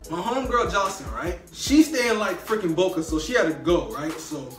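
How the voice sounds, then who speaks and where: A young adult man telling a story in a casual, slangy, animated way, with lots of acted-out dialogue. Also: high-pitched, fairly quick. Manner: animated, slangy, emphatic retelling with quoted dialogue. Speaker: vlogger. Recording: echoey room, mic at a distance, faint music.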